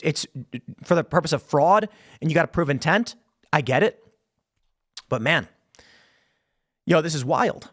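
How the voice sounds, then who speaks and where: Guy doing casual opinion commentary, kinda high voice, asks lots of rhetorical questions. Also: fairly bright tone. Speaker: show host.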